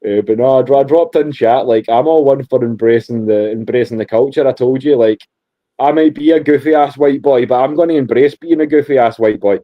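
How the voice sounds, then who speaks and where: A man's voice: mid-range voice, brisk, phone-quality sound. A Scottish man co-hosting a podcast in casual chat, joking and laughing often, with frequent restarts. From Scotland. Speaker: podcast co-host.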